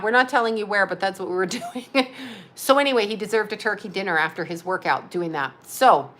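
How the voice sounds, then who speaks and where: A middle-aged woman hosts a casual storytelling monologue, rambling and chatty, laughing often and acting out what other people said. Her voice is on the high side with a sharp tone.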